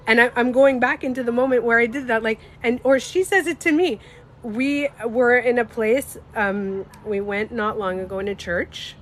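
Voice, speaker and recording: A woman beauty coach chatting candidly on a livestream, animated, swearing freely and laughing often. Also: a little high, moderate pace. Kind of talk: casual livestream chat.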